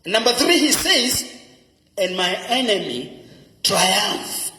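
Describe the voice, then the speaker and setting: A man's voice: sits high, big pitch swings, slow, bright, forceful tone. A man with a Kenyan accent preaching a sermon as pastor, emphatic and repeating key phrases for effect. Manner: emphatic preaching with dramatic repetition. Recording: echoey hall with long reverb.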